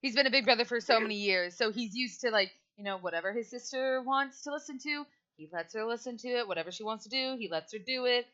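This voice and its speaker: A woman's voice: fairly high pitch, fast talker, hardly any pauses, bright, forceful tone, muffled recording. A woman casually describing what her character does in a tabletop game, with lots of fillers. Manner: casual, laughs easily, lots of "like". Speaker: player.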